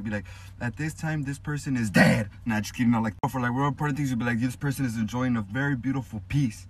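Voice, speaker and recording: A fast-talking man, full of slang and swagger as he lectures through a comic skit. His delivery is brash and loose, with faint background noise. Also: mid-range voice. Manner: brash slangy street talk. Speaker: comedy sketch performer. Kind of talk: comedic instructional skit.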